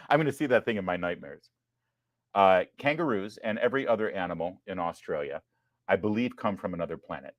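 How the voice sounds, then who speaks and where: A man hosting a live online commentary show, talking in an animated, joking way. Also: sits low, fairly quick, no echo, clean studio sound. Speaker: host.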